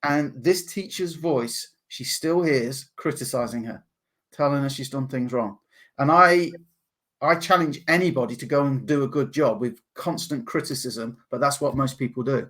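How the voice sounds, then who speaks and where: English male podcast guest, upbeat, animated, laughs often. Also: medium pitch, moderate pace. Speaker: guest, NLP practitioner. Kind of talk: podcast interview.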